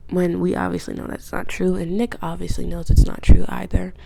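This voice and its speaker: A woman's voice: fairly low pitch, completely flat delivery, fairly quick, vocal fry, warm tone. A woman vlogger giving a casual, rambling, profane recap, often dropping into whispered asides. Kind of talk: casual video essay recap.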